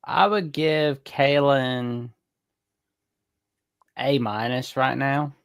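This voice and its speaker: A man's voice: medium pitch, steady tone, extremely slow, clean tone, dry recording, clean studio sound. A man co-hosting a sports call-in show, bantering in an easygoing way and laughing along. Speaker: co-host of a fan call-in show. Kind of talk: casual sports talk.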